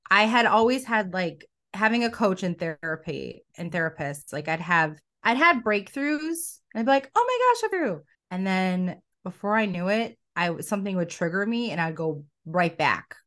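A middle-aged woman with a somewhat low voice tells her story as a podcast guest. She is animated and slips into quoting her own thoughts along the way. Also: moderate pace, hardly any pauses. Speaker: coach and academy founder.

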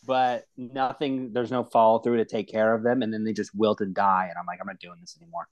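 A man co-hosting a casual podcast, ranting in an expressive, exasperated way. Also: lowish voice, fairly quick, no echo, highs cut off. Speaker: podcast co-host. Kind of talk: casual chat.

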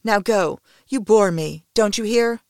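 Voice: sing-song, normal speed, smooth, no echo, studio quality. A reader voicing a capricious, commanding young noblewoman in an audiobook, teasing and haughty by turns. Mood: cruel. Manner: commanding, teasing, raised pitch and volume. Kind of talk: audiobook reading of a novel.

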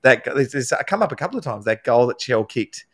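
A man's voice: mid-range voice, very animated, quick pace, fairly bright tone. A middle-aged man with an Australian accent, hosting a casual chat full of laughing banter. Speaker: podcast host.

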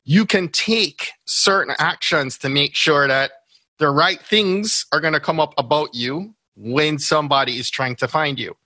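Jamaican man explaining with bright tone. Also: fairly high pitch, unhurried, dry recording. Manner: explains step by step, often checks in with "right?". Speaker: podcast guest, brand strategist. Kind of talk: casual interview talk.

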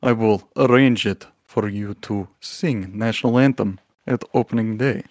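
A smooth-talking animal agent voiced by a man in a tabletop game. He speaks in a formal, scheming way. His voice is fairly low and sounds dry and close. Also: unhurried, darkish tone, no echo, natural voice.

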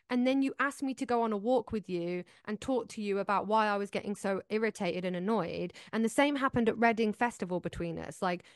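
A woman's voice: a little high, no room sound, clean studio sound. A woman co-hosting a casual podcast chat, telling stories animatedly and acting out what people said. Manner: animated storytelling, acting out quoted voices. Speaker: podcast co-host.

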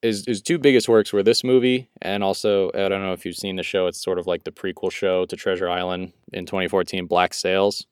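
A man's voice: low voice, level tone, a little fast, hardly any pauses, a little mellow, smooth, no room sound, clean studio sound. A man co-hosting a podcast, chatting casually about a movie, rambling with frequent laughs and restarts. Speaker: podcast co-host. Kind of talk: casual movie review chat.

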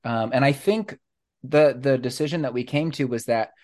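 A man's voice: medium pitch, normal speed, a little mellow. A young man guesting on a podcast, talking animatedly with giggles and hesitant ums. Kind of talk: casual chat.

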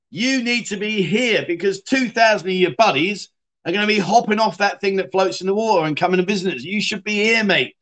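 A man's voice: high voice, brisk, fairly bright tone. A man hosting a casual livestream from Thailand, chatting with viewers and telling stories in a friendly way. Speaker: livestream host. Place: home in Thailand.

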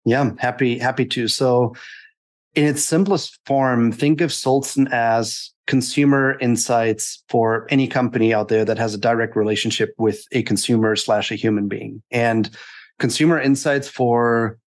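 A man's voice: mid-range voice, steady tone, unhurried. A man who co-founded a company, speaking as an interview guest in a chatty, explanatory way with frequent fillers. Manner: conversational, explanatory, filler-heavy. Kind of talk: business interview.

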